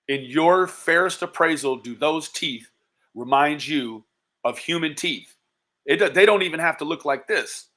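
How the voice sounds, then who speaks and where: Man, livestream host, slow drawl, bright forceful tone, profane, taunting. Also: on the high side. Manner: profane, taunting, addresses viewers by nickname. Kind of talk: casual livestream commentary.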